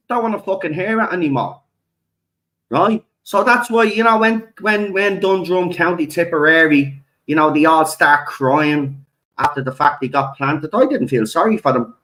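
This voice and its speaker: A man's voice: fairly high pitch, expressive, moderate pace, a bit bright, rough recording. An Irish man with a channel, delivering an angry, profane rant to camera and tagging "right?" onto his lines. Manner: heavy swearing, repeats "right?". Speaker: video channel host. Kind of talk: angry ranting monologue.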